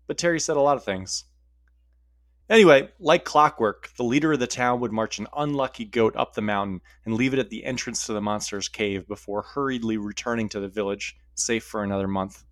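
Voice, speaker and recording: A man's voice: fairly low pitch, brisk, dry recording, clean studio sound. A man narrating a story in a casual way, with wry asides.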